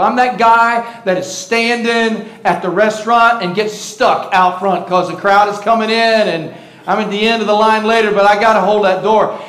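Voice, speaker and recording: Pastor guy preaching, kinda high voice, keeps asking the crowd stuff, booming church echo. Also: a bit bright. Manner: engaging, asks the congregation questions; playful, self-teasing humor. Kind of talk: sermon.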